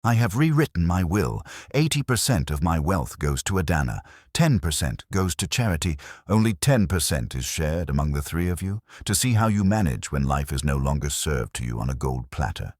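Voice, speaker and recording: Casting: a stern, wealthy old storybook mother who scolds in firm, measured tones, husky and raised in pitch, as a male narrator puts her on. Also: very animated, a little mellow, no echo, studio quality, heavily acted. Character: wealthy older woman, wounded and stern.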